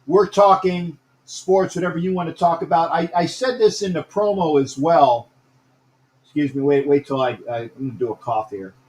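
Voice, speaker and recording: A man's voice: on the high side, normal speed, darkish tone, echoey room, low-quality recording. A man hosting a casual live-streamed sports talk show, rambling, repeating himself and greeting viewers by name.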